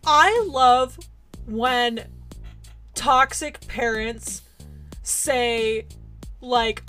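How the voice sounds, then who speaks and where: A woman's voice: fairly high pitch, expressive, a little slow, soft background music. A young adult woman streamer, ranting outspokenly and swearing while commenting on a game. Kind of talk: casual gameplay commentary and ranting.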